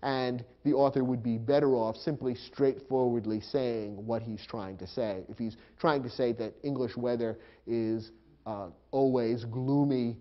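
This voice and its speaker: A man's voice: mid-range voice, fairly even intonation, a little slow, lo-fi sound. A man teaching a grammar lesson, explaining punctuation rules step by step and spelling out marks aloud. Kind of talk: recorded lecture.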